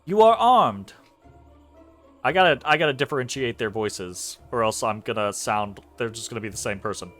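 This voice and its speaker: A man's voice: on the low side, a little fast, few pauses, a bit bright, soft background music. A man hosting a let's play, chatting casually and reading game dialogue aloud. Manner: casual, swears, laughs at the script.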